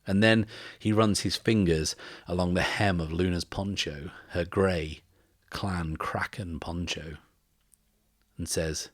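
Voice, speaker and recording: A man hosting a podcast and narrating a solo tabletop game in a relaxed, descriptive way. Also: low-pitched, unhurried, no echo, studio quality. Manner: relaxed, descriptive, uses fillers. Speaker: host and game master.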